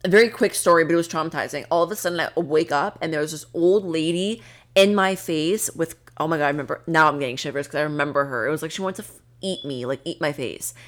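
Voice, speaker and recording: A woman's voice: deep voice, quick pace. A young woman co-hosting a podcast, chatting casually and telling spooky stories with lots of fillers. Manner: animated storytelling, lots of fillers. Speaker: podcast co-host. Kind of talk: casual chat.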